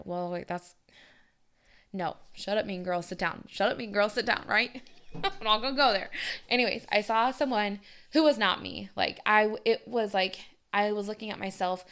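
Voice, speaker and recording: A woman's voice: mid-range voice, smooth. A young woman hosting her own podcast, talking candidly and rambling a little, with many fillers. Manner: candid, rambling, says "like" often. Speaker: podcast host. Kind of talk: personal podcast monologue.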